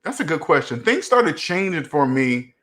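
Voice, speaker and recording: Rambling story-teller host in his forties, slightly high-pitched man, casual live Q&A. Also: very animated, normal speed, a bit bright. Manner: rambling, repeats "right?" often; chuckles while telling stories.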